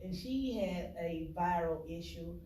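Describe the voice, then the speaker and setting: A woman's voice: lowish voice, a little slow. Emphatic woman in talk show banter. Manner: animated, emphatic, asks rhetorical questions. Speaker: co-host. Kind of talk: casual talk show chat. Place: TV studio. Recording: echoey studio, mic at a distance, faint noise.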